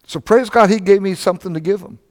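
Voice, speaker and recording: An older man preaching a sermon, telling stories in a conversational, animated way. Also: high voice, fast talker, big-room sound. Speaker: pastor.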